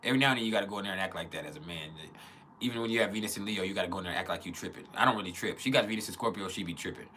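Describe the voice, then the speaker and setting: Man on an astrology vlog: low, bright, forceful voice, crude humor, laughs a lot. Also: racing, a little hiss or hum. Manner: profane, joking, laughs often; acts out quotes in other voices. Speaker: astrology teacher. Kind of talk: casual monologue on astrology.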